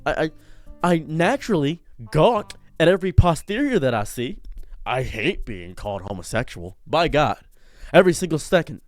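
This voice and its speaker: A man streamer delivering a sarcastic comedic rant in a mock-macho manner, swinging between booming lines and muttered asides. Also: very animated, moderate pace, no echo, soft background music. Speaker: streamer and commentator.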